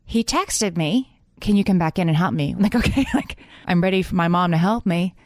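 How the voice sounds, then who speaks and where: Candid mom co-host, dry close sound. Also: female voice, on the low side, lively intonation, fairly quick, no room sound. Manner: candid, self-deprecating storytelling. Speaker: podcast co-host. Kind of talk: casual parenting chat.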